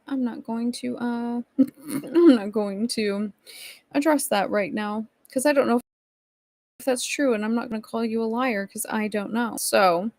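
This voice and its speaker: A woman's voice: on the high side, unhurried, a little mellow, dry recording, clean studio sound. A woman hosting a casual livestream, reading chat messages aloud and rambling through her commentary. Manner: chatty, rambling, reacts to chat. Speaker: streamer host.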